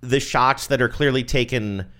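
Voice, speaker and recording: A man co-hosting a podcast in casual chat, animated and quick to laugh, joking with mock outrage. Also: mid-range voice. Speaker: podcast co-host.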